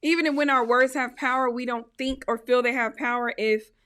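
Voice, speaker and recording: Woman, podcast host, upbeat, chatty, higher pitch, bright sharp tone. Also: fairly even intonation, moderate pace. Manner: upbeat, chatty, cheering her guest on. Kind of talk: casual podcast interview.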